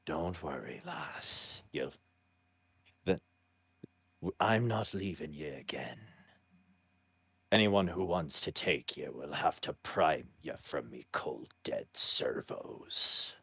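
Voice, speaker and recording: A man voicing a protective male robot pirate in tabletop role-play, muttering quietly and low. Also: huge pitch swings, very fast, creaky, hardly any pauses, exaggerated voice. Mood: tender possessive.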